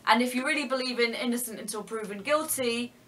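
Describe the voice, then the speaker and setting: A young woman talks straight to camera in an opinion vlog. Her voice is bright and a little high. She argues earnestly and lays out her points step by step. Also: fast. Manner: earnest, argumentative, explaining step by step. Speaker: vlogger.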